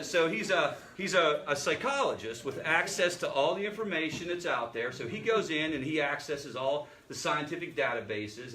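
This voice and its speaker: A man's voice: fairly high pitch, pushed and bright. A man leading a family recovery support group, teaching through stories in a conversational way, often asking the group questions and restarting his sentences.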